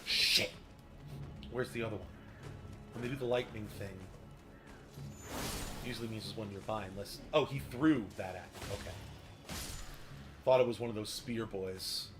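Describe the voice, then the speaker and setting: A man commentating his own gameplay on a stream, joking and swearing, with sudden loud outbursts. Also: lowish voice, normal speed, long pauses. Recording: game music behind the voice.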